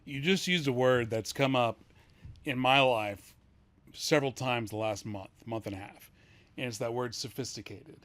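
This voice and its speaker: A man's voice: medium pitch, normal speed. Man chatting animatedly on a podcast. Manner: animated, acts out quotes. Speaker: podcast co-host. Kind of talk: casual podcast chat.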